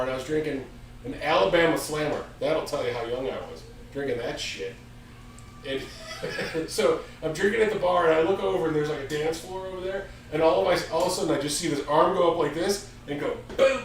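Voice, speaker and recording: On the high side and brisk, this voice belongs to a U.S. man in his fifties who hosts a music store show. He shares a rowdy, swear-filled story in a relaxed chat, acting out quotes with sound effects in an animated manner. The recording is distant and echoey, with faint ambient noise.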